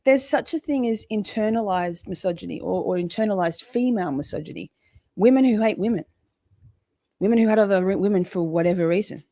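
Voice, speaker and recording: A woman's voice: medium pitch, brisk, dark tone, no echo. Woman streamer, loose rambling commentary, salty language, dry unroomy mic. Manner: rambling, chatty, swears freely, breaks off to greet chat. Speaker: livestream host. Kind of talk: casual livestream commentary.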